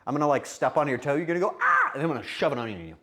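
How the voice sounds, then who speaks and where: A man's voice: on the high side, animated, racing, a bit bright. A male streamer chatting casually with his viewers while cooking, playful and joking. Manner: playful, joking banter with chat.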